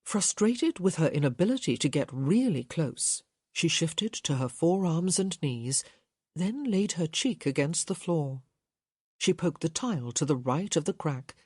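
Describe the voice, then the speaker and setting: A woman reading a novel aloud in slow, measured audiobook narration. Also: sits low, a little mellow, husky, no room sound, clean studio sound. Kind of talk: scripted narration.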